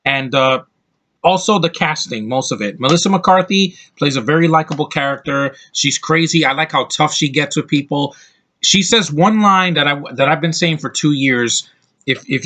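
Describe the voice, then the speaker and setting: A man talks through his take on a movie in an unscripted, opinionated ramble. He often cuts himself off and starts his sentences over. His pitch sits in the ordinary middle range for a man. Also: normal speed, sharp tone. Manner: rambling and opinionated, with frequent restarts. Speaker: movie reviewer. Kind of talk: casual film review.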